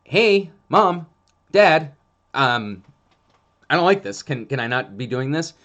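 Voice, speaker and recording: A man voicing a pet dog that pleads with its owners and grumbles about them, in a high, strained tone. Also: expressive, takes it slowly, fairly bright tone, highs cut off. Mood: distressed. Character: pet dog voicing its worried, exasperated thoughts.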